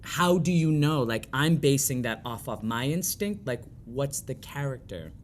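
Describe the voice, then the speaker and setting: A man's voice: medium pitch, animated, a little slow, a little hiss or hum. Man talking shop about auditions. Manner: reflective, tells audition stories with acted quotes. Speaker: guest choreographer and performer. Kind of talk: casual interview chat.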